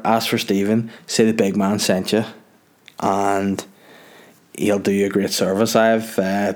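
A man's voice: lowish voice, darkish tone. A young man with a Northern Irish accent hosting his podcast, rambling and joking at his own expense in casual chat. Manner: rambling, jokey, self-mocking. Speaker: podcast host.

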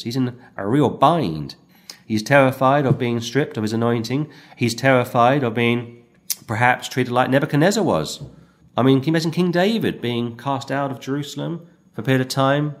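Earnest man preaching. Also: medium pitch. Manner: earnest, animated, acts out quoted voices. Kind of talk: expository sermon.

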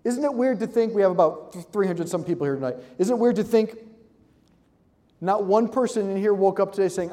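A man giving an animated, joking talk to a live audience, acting out quick voices. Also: high-pitched, in a large hall. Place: large hall with audience.

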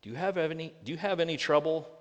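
A pastor preaching a sermon, earnest and full of rhetorical questions, slowing down to read scripture aloud. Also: male voice, on the high side, highs cut off. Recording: long reverb of a large hall.

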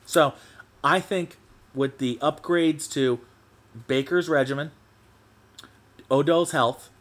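A man's voice: medium pitch, fairly bright tone. A man hosting his own sports podcast, ranting animatedly and swearing casually in a solo monologue. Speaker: podcast host.

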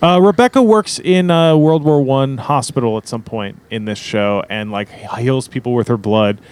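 A man's voice: medium pitch, normal speed, darkish tone, smooth, dry recording. A man co-hosting a casual podcast, explaining story details with lots of fillers. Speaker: podcast co-host. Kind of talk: casual chat.

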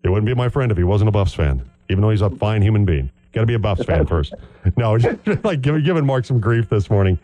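A man's voice: fairly low pitch, sing-song, quick pace, mellow, no room sound, faint music behind. A man hosting a sports radio talk show, chatting easily with guests in a studio. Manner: easygoing, with frequent fillers. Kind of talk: casual sports radio chat. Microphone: studio microphone.

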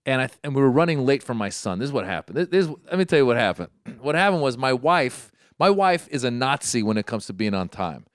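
A man from Iran, a doctor, telling a long story in casual chat, rambling, repeating himself and jumping high when he acts out his own thoughts. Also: big pitch swings, fast, hardly any pauses, no echo, clean studio sound.

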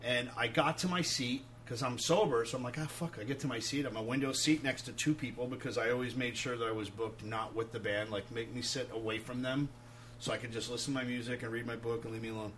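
A man, a touring musician, telling animated road stories full of swearing and acted-out quotes. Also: mid-range voice, fast talker, slight background noise. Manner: profane, animated anecdotes acting out quotes. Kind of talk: casual storytelling.

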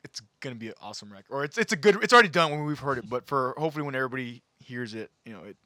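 A man's voice: medium pitch, lively intonation, racing, pushed and bright, no echo, clean studio sound. A man hosting a casual chat who keeps things moving and asks the others questions. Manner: upbeat, steers the talk, asks questions. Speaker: podcast host.

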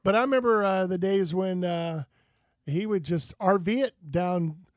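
A man's voice: high voice, a little slow, no echo. A man hosting a casual sports and outdoors radio show, telling stories and acting out what people said. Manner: lively storyteller, acts out quotes.

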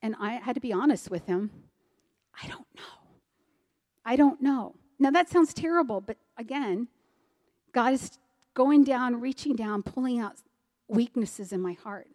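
Woman, middle-aged, earnest testimony, fairly high voice, big hall echo. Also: lively intonation, normal speed. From Maryland, US. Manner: earnest storytelling, swings loud to soft. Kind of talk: personal testimony. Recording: long hall reverb.

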